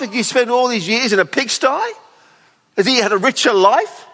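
A man preaching a sermon at a weekend away, expressive and pleading, often acting out the people in the story. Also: extremely high pitch, normal speed, creaky. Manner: expressive, voices the father pleading tenderly. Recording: long hall reverb.

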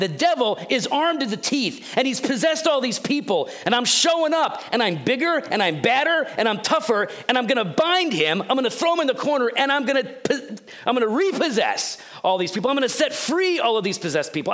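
A man's voice: very high voice, very animated, brisk, fairly bright tone, pitched above the performer's own voice, full character voice. A man voicing Jesus as a bold, defiant figure, speaking in punchy, emphatic boasts.

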